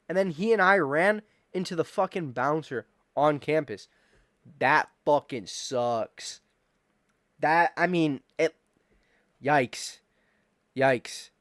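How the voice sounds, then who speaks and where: Rambling young man, slightly high voice. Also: no echo, studio quality. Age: 20s. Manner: rambling, swears, repeats himself, reacts to chat. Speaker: streamer. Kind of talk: casual live-stream chat.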